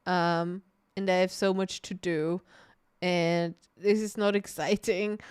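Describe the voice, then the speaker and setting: A woman's voice: lowish voice, little pitch movement, takes it slowly, a little mellow, smooth, dry recording, studio quality. A woman co-hosting a podcast in casual chat, laughing often and swearing casually. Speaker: podcast co-host. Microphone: streaming mic.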